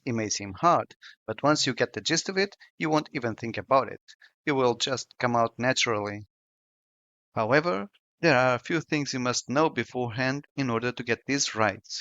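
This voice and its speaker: A man narrating a scripted language lesson in a slow, careful, explanatory way. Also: mid-range voice, pushed and bright, no echo, highs cut off. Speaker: language teacher.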